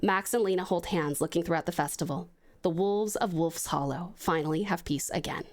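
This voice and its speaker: A woman from Australia with an Australian accent, an expressive streamer reading viewer stories aloud and chatting effusively. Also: fairly low pitch, fairly quick. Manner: expressive, warmly effusive to chat. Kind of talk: dramatic storytelling reading.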